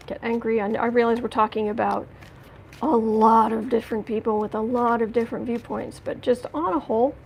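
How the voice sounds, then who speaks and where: A woman giving a livestreamed tarot reading, talking indignantly and emphatically with halting restarts as she greets chat. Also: on the high side, fairly even intonation, creaky, darkish tone, slight background noise, low-quality recording. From United States. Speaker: tarot reader.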